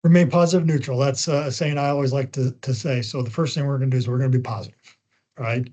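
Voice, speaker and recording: A man giving spokesperson training on a video call, talking quickly once he gets going, with frequent ums and uhs. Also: medium pitch, flat delivery, a little mellow. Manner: talks fast when he gets going. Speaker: media trainer. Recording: dull lo-fi call audio.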